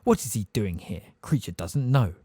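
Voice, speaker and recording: A man voicing an old male house elf, hoarse and deep, muttering bitterly under his breath in an audiobook. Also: expressive, moderate pace, dark tone, no echo, clean studio sound.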